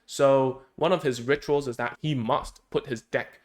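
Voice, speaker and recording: This speech therapist speaks in a steady, unhurried, mid-range male voice. His explanation is relaxed and conversational, with him thinking out loud and frequently asking "right?" and "okay?".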